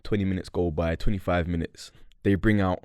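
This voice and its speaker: A young man, co-hosting a podcast and telling a story in a lively, animated way, slipping in slang and acting out what people said. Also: low-pitched, a little fast, clean tone, no echo, studio quality. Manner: animated storyteller, acts out quotes, London slang. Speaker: podcast co-host. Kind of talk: casual banter between friends.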